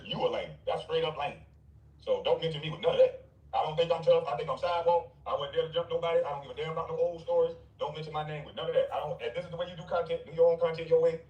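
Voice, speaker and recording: A man's voice: on the high side, darkish tone, recorded from a distance, lo-fi sound. A man ranting in a blunt, mocking, dismissive way, with scornful laughs. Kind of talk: ranting commentary. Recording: roomy, off-mic.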